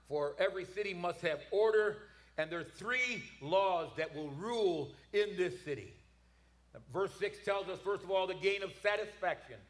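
High bright-voiced man preaching a sermon. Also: echoey room. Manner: emphatic, repeats words, asks the congregation for responses.

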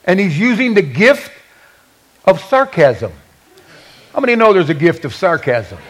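A man preaching a sermon from the pulpit. His voice sits high for a man and swings widely in pitch, and he tells the story with animated, humorous energy. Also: measured pace, low-quality recording. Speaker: pastor.

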